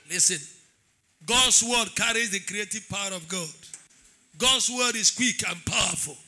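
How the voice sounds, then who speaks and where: A man preaching a sermon as pastor, calling out to the congregation and building into shouted declarations. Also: sits high, measured pace, over music. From Nigeria. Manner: preaching with call-and-response, swelling into shouted declarations.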